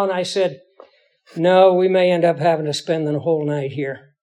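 A man's voice: high-pitched, steady tone, normal speed, darkish tone. A middle-aged man, a pastor, telling a personal story in a sermon. He speaks in a folksy, conversational and self-deprecating way.

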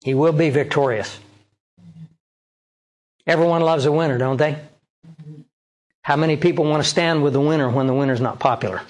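A man's voice: a little high, moderate pace, long pauses, darkish tone. A male pastor preaching a sermon, reading scripture aloud and pressing the congregation with rhetorical questions. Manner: reads scripture aloud and explains it.

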